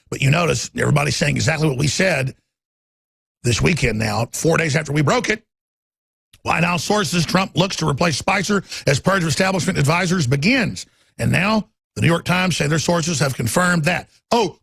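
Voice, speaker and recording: A middle-aged male talk radio host in full heated rant, stumbling over repeated words as he pushes on. His voice is gravelly and husky, sitting a little high, and the studio sound is dry and close. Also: animated, fairly quick, fairly bright tone, no echo. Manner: ranting, repeats words, acts out quotes in raised voices. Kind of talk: heated political monologue.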